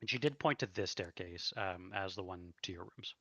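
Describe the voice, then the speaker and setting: A man's voice: sits low, normal speed, pushed and bright, husky, no echo, muffled recording. A man running a tabletop game as game master, with a hesitant way of talking and many fillers.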